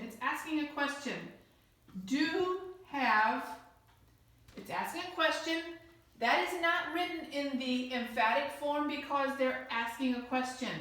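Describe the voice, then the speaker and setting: A woman teacher giving a recorded grammar lesson, slow and patient, explaining with repeated examples. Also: high-pitched, a bit bright. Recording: very echoey room.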